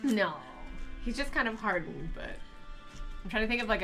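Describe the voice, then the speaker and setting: A woman's voice: a little high, lively intonation, normal speed, over music, poor audio. A woman running a tabletop game who thinks aloud in a casual, unsure way. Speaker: game master. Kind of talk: casual out-of-character game talk.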